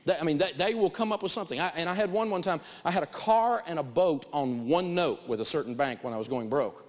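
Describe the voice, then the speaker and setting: A man giving an animated talk on negotiating, telling personal stories and repeating key phrases for emphasis. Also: on the high side, fast talker, in a large hall. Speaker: financial speaker teaching negotiation.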